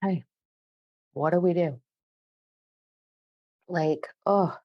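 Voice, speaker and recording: A woman who works as a spiritual channeler, delivering slow, pausing messages and then chatting casually with many "like" fillers. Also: on the low side, no room sound, dull audio. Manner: frequent filler "like" in chat.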